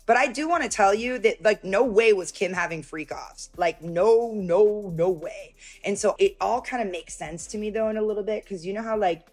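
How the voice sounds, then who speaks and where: A woman's voice: medium pitch, moderate pace, hardly any pauses, soft background music. A woman being interviewed, telling a personal story casually and acting out what other people said. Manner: animated retelling, acting out others' lines. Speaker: interview guest.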